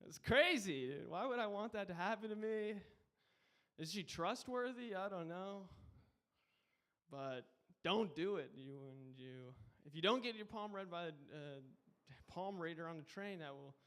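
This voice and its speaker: A man's voice: high voice, animated, measured pace, a bit bright. A man guest hosting a live comedy show, doing a loose, rambling stand-up set. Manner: loose, rambling, says dude a lot.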